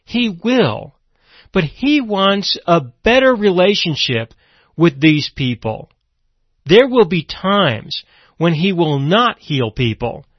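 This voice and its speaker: Dramatic high-voiced male preacher. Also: no room sound. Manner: dramatic, voices the grieving sisters' accusations. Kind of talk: expository sermon reading scripture. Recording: dull lo-fi, dry.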